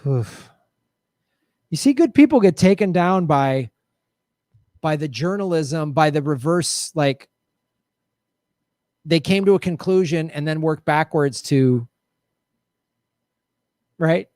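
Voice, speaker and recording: Animated man answering viewer questions. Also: on the high side, slow, pauses often, no echo, studio quality. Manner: animated, jumps between mocking voices and mutters. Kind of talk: casual livestream commentary.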